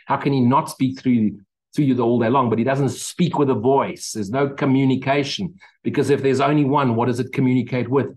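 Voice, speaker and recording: A male spiritual teacher giving a talk at an ordinary middle pitch. He speaks emphatically, repeating phrases over and over and dropping in mocking asides. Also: poor audio.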